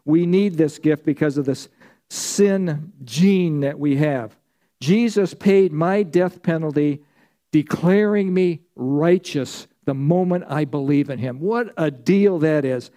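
High-voiced, mellow man preaching emphatically. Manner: emphatic preaching with repeated phrases and congregation prompts. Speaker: pastor. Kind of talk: sermon.

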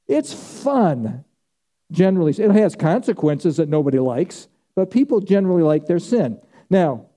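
A man's voice: sits high, dark tone. A middle-aged male pastor preaching a sermon, emphatic and repeating key phrases for weight.

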